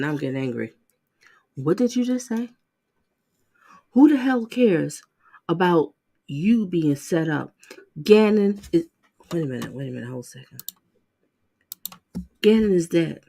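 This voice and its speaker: A woman's voice: deep voice, darkish tone. A woman commentating on trial footage in a blunt, heated way, mocking what she hears. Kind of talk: casual reaction commentary.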